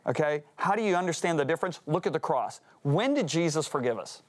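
A man's voice: on the high side, lively intonation, quick pace. A man, a Christian author and guest speaker, telling a story earnestly on a talk show, acting out quotes with animation.

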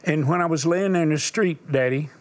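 A man's voice: on the high side, brisk. Older male preacher, earnest storyteller. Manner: earnest preacher, drops to a hushed voice for emotional moments. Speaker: TV host and preacher. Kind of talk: christian talk show conversation and storytelling.

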